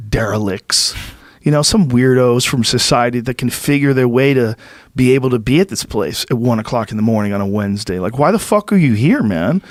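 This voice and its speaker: A man in his fifties from the Boston area tells stories in a relaxed podcast chat, swearing freely and rising in pitch when he gets excited. His voice sits in a middle register. The sound is dry and close to the mic. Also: dry recording. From Boston area, USA. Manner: profane, animated storytelling with rising excitement. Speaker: podcast host. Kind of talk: casual storytelling chat. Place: podcast studio.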